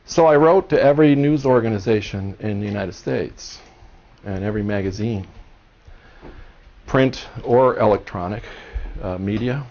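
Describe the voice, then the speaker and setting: A man's voice: lowish voice, normal speed, a little mellow. A man in his sixties from Cuba, a historian speaking at a seminar, telling his story earnestly and with passion. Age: 60s. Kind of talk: seminar talk. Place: seminar room. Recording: dull lo-fi recording.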